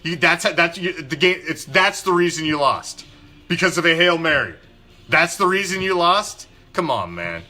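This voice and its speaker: A man's voice: a little high, expressive, moderate pace, bright, forceful tone. A man hosting a live fan show, ranting angrily and with heavy profanity about his team's quarterback. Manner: angry, profane, emphatic ranting with repetition. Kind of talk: ranting live sports commentary.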